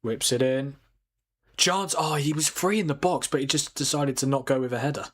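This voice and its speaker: A man hosting a late-night football watchalong from home, excitable and laughing, swearing as he reacts to the match. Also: medium pitch, moderate pace, dry recording, clean studio sound. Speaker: watchalong host. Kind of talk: live football watchalong commentary. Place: home at night, keeping quiet.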